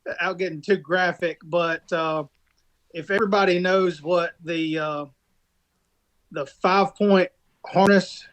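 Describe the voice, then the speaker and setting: A man's voice: high-pitched, steady tone, a little slow, long pauses, fairly bright tone. A man co-hosting a casual podcast, retelling a race crash in a rambling way full of restarts and fillers. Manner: rambling storytelling with many restarts. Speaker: podcast co-host and rock racer.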